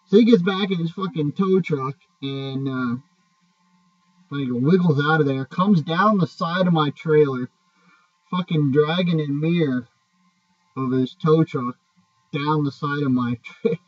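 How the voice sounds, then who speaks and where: A man's voice: a little high, unhurried. A truck driver rambling through a story in a loose, profane way, often restarting his sentences. His voice comes across as dull and distant, caught by a mic set away from him in a dry room with no echo. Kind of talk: casual spoken storytelling.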